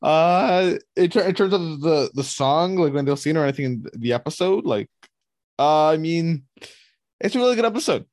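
A man's voice: fairly high pitch, lively intonation, normal speed, a little mellow, dry recording, clean studio sound. A man co-hosting a podcast, talking casually and hesitantly, often laughing and doubting himself. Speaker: podcast co-host. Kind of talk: casual episode discussion.

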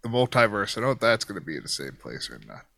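A man's voice: fairly low pitch, very animated, rapid-fire, creaky, bright, forceful tone, no echo, studio quality. A man co-hosting a casual wrestling chat, talking earnestly and running through upcoming match lineups. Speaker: podcast co-host.

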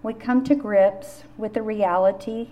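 A woman's voice: mid-range voice, steady tone, a little slow, dull audio. A middle-aged woman hosting a faith-based podcast on grief, telling personal stories in an earnest way. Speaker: podcast host.

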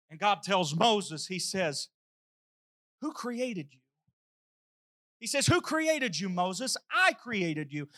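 Bright-voiced animated male preacher. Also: high-pitched. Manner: animated storytelling, acting out dialogue. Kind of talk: sermon.

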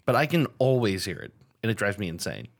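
A man's voice: on the low side, huge pitch swings, fast talker, vocal fry. A man in his thirties co-hosting a podcast in casual chat, laid-back and self-deprecating. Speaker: podcast co-host.

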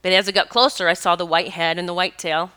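Speaking fast in a lowish voice with a clean tone, this woman, a spiritual teacher, shares stories in a relaxed monologue. She's emphatic and lively and laughs a lot.

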